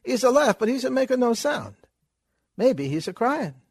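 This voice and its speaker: A man voicing a brash, excitable comic schemer with a broad mock-Italian accent and broken English. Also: very high-pitched, moderate pace, slightly rough, no room sound, clean studio sound, voice pushed up, full character voice. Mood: boisterous. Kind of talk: comic reading with voices.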